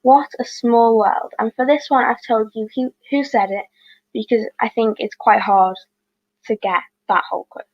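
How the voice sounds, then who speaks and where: A woman reading out quiz questions as host, with chatty, apologetic asides and quick self-corrections. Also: fairly high pitch, no echo, dull audio.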